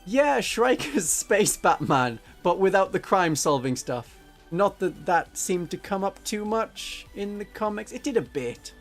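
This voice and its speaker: A man chatting casually on a livestream, joking and now and then slipping into silly voices. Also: on the high side. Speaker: streamer.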